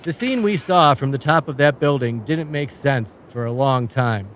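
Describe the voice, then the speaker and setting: A man's voice: medium pitch, lively intonation, moderate pace, slight background noise. A man narrating a first-person audiobook in a wry, rambling, conversational way.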